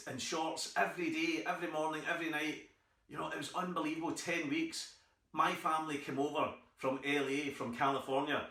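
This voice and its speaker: Scottish stand-up comic, middle-aged male, bright and a bit high, mimics his characters; heard from afar in a reverberant hall. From Scotland. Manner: storytelling, acting out others' voices. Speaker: stand-up comedian. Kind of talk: stand-up routine. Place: theatre stage. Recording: echoey theatre from far off.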